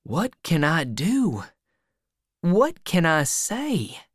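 A woman voicing an eager young boy in love in a storybook reading, a little above her own pitch. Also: very animated, extremely slow, no room sound, clean studio sound, full character voice. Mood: pleading.

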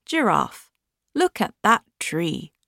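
A woman voicing a kindly, generous male duke in a storybook reading, speaking slowly in a courteous, slightly raised voice. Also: fairly low pitch, very animated, vocal fry, bright, forceful tone, no room sound, clean studio sound, heavily acted.

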